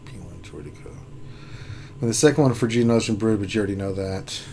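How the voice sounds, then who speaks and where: A man's voice: fairly low pitch, brisk, warm tone, slight background noise. A man hosting a casual gaming live stream, joking, laughing often and thinking aloud. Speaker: gaming channel host. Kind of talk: casual live-stream chat reviewing game rosters.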